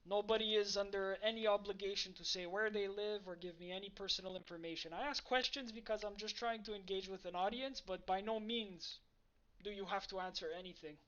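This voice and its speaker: A livestream host chatting with viewers while playing a game, reacting loudly and cursing at their own play. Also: mid-range voice, brisk, lo-fi sound. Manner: profane, excitable reactions to own gameplay. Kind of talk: casual live gaming stream chat.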